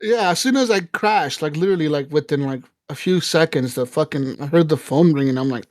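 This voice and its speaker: A man's voice: a little high, brisk, hardly any pauses, no echo, studio quality. A man co-hosting a podcast, telling a story casually with lots of swearing and laughter, acting out quotes. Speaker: podcast co-host.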